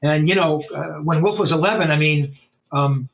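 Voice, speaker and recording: A man telling stories as a podcast guest in a rambling, animated way, full of fillers and restarts. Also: fairly high pitch, moderate pace, creaky. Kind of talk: storytelling in a casual interview. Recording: tinny phone-like line.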